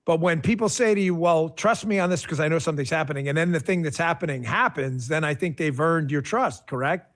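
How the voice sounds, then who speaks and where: A man giving emphatic, animated podcast commentary as a political host, full of asides. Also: on the high side, fairly quick, few pauses.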